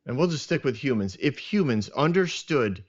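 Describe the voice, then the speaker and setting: A man's voice: medium pitch, animated, moderate pace. Earnest man teaching scripture, muffled audio. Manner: earnest, thinking aloud with frequent restarts and chuckles. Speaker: podcast host teaching scripture. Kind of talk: reflective teaching talk. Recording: dull lo-fi sound.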